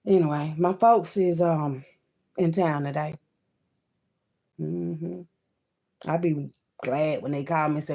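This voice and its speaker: Gravelly woman, dramatic outbursts. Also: on the low side, lively intonation, measured pace, long pauses. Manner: dramatic, swings from loud outbursts to hushed asides; talks to viewers as "baby" and "child". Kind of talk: card-reading monologue.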